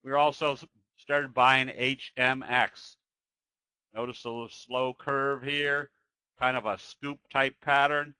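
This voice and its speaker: A man with a bright, forceful voice gives a webinar chart walkthrough. He talks in a folksy, conversational way and often pauses on fillers. The sound is dry and close. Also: mid-range voice, level tone, clear, resonant tone, no echo, rough recording. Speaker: trading educator.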